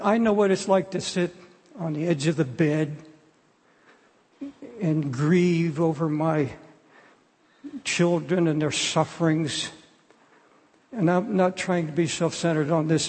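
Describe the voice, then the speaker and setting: A man's voice: on the high side, a little mellow, slightly rough. An older man preaching a sermon in an earnest, pleading way, often restarting his phrases. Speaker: pastor. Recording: long hall reverb.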